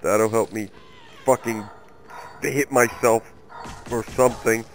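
A man's voice: mid-range voice, fairly even intonation, slow pace, poor audio. A young man hosting a let's play, giving angry, profane, rambling commentary while he plays. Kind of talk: profane gaming commentary rant.

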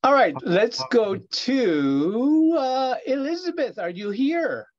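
Man language teacher, lively sing-song pitch, encouraging, muffled video call audio. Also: slow pace. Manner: encouraging, laughs easily. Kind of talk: online language class.

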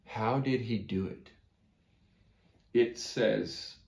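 A man's voice: lowish voice, lively intonation, slow, vocal fry, long pauses, darkish tone. A man teaching a children's Bible class, telling a story and asking his listeners questions. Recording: echoey room.

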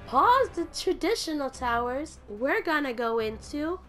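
A woman with a hoarse voice from a cold, rambling and self-deprecating while she plays and comments on a fighting game. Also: sits high, big pitch swings, measured pace, bright, forceful tone, soft background music. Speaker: gaming YouTuber. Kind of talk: casual commentary while playing.

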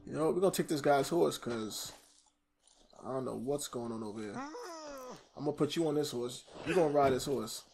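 A young man giving excitable, slangy let's-play commentary while gaming. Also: mid-range voice, brisk, vocal fry, a little hiss or hum. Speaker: gamer.

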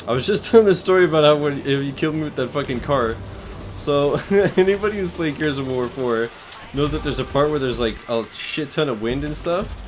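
A young man giving casual, excitable gameplay commentary, swearing and laughing often as he plays. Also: fairly high pitch, brisk. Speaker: gaming streamer. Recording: loud game music behind the voice. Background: game music.

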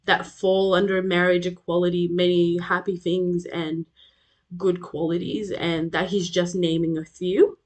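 A woman giving a recorded revision lecture, explaining terms step by step and often checking in with "okay?" between points. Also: lowish voice.

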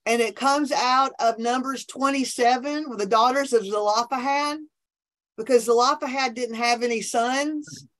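A woman's voice: fairly high pitch, fairly even intonation. Enthusiastic woman preaching. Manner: enthusiastic, preachy, quick restarts. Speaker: podcast guest, minister. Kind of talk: animated faith conversation. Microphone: remote call from her office.

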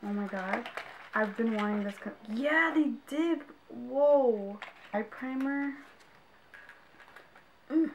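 A young woman with a slightly high voice gushes and exclaims as she unboxes makeup for her viewers. She talks in an unhurried, drawn-out way, and steady background noise runs under her voice. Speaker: beauty vlogger. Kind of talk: casual unboxing vlog.

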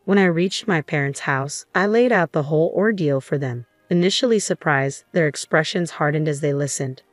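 A woman reading a first-person story in an even, measured way. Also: low-pitched, no echo, soft background music. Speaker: narrator.

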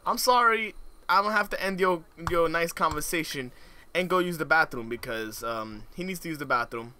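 A young man giving excitable, joking let's play commentary in slangy casual speech. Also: on the high side, fairly quick. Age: young adult. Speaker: gamer.

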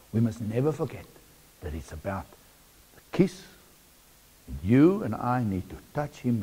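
A man preaching a sermon, emphatic and halting, with long pauses between phrases. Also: mid-range voice, gravelly, darkish tone, breathy edge. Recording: long hall reverb.

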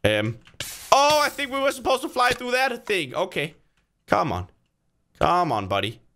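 A man giving casual let's-play commentary, excitable, talking to himself and cheering himself on, with sudden loud bursts of frustration and joy. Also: high-pitched, measured pace, a little hiss or hum. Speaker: gaming video creator.

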